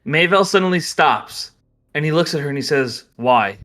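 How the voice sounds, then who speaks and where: A man narrating a tabletop game as game master, playful and quick to laugh. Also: on the high side, bright, forceful tone.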